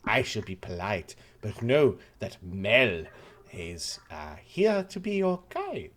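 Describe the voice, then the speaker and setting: Guy doing a showy french-ish casino host, fawning and theatrical, swoops up and down, drawn out and slow. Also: fairly high pitch, lively intonation, pitched above the performer's own voice. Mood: polite. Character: flamboyant floating male casino guide with a put-on French flair.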